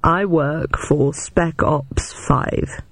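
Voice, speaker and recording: A narrator voicing a calm, guarded middle-aged male agent who speaks slowly and quietly. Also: on the high side, no echo. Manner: slow, hushed, measured.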